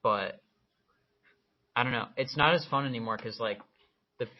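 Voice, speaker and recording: Young male co-host, mid-pitched, deadpan ribbing; dull lo-fi recording. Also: moderate pace. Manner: dry, teasing banter. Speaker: podcast co-host. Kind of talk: casual chat. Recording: dull lo-fi sound.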